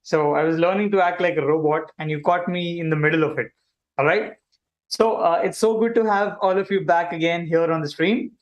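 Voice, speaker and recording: Man as cheerful alien livestream host, a bit high-voiced, chatty with the audience. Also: brisk, dull audio, close to an everyday voice. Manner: animated, chatty, addresses viewers directly. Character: friendly male alien visitor hosting a kids' stream. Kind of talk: playful kids' livestream hosting.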